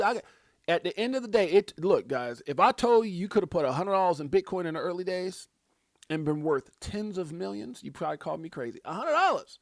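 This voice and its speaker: A man hosting a casual livestream, hyped and preachy, shouting out viewers by name. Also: high voice, very animated, brisk, no room sound, clean studio sound. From United States. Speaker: livestream host.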